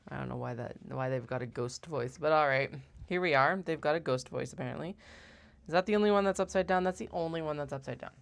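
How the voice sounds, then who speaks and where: A woman's voice: deep voice, fast, vocal fry. A woman giving casual running commentary while cutting fabric on a craft live stream, chatty and wry, swearing and laughing at herself.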